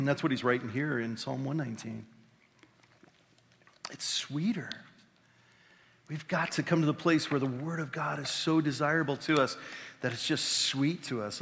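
Man preaching, conversational and animated, exclamations, long reverb of a hall. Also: medium pitch, vocal fry. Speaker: pastor. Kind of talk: sermon.

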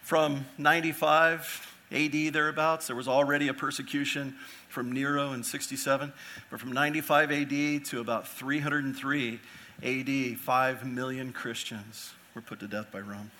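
A man's voice: medium pitch, fairly even intonation, moderate pace, bright, forceful tone. A man preaching an earnest expository sermon as pastor, asking rhetorical questions and repeating phrases for emphasis.

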